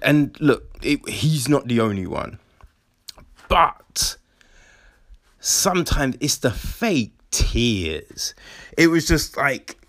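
Animated sweary man, lively pitch. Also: no room sound. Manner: animated, sweary, mocking impressions. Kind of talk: casual opinion monologue.

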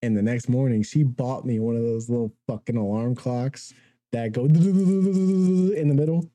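A man's voice: medium pitch, level tone, normal speed, warm tone, no room sound. A young man and podcast co-host telling a rambling story in casual chat, laughing through it.

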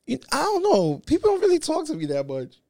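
A man guest in a casual podcast chat, an animated storyteller who swears a lot and acts out quoted lines. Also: extremely high pitch, a little fast, vocal fry, no room sound, clean studio sound. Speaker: interview guest.

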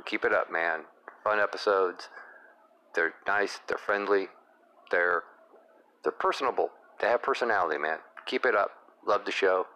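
A man's voice: sits low, normal speed, long pauses, sharp tone, poor audio. A man leaving an upbeat, encouraging voice message for a podcast host. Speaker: caller, podcaster. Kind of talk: casual voice message.

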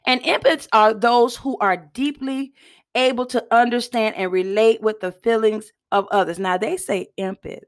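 A woman gives a casual motivational talk. Her voice sits a little high, folksy and chatty. She keeps pausing to cough and clear her throat. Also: steady tone. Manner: chatty, folksy, addresses listeners as y'all. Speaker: host.

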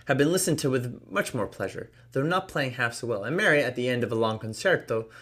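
A man reads a classic novel aloud at a brisk clip. His pitch is an ordinary middle register, and he breaks off now and then for casual offhand remarks. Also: expressive, fairly bright tone, husky. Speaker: reader.

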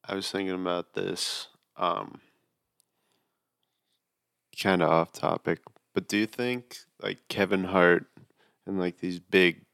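A man's voice: low-pitched, fairly even intonation, slow pace, gravelly, pauses often, a bit bright, no echo. A young man co-hosting a casual podcast, laid-back and dry in his remarks. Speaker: podcast co-host. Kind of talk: casual chat.

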